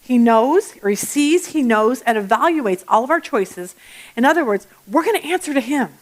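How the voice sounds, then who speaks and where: A woman leads a Bible study lesson in a chatty, lively way. She weaves in personal stories, restarts her sentences often, and her voice sits slightly high for a woman. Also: moderate pace. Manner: acts out everyday voices mid-talk.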